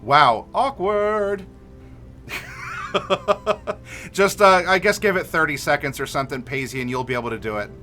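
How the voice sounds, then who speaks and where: Rambling male streamer with a bright voice. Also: mid-range voice, lively intonation, fast, few pauses, faint music behind. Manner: rambling, reads chat messages aloud with many fillers. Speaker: streamer reading chat. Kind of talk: casual livestream chat.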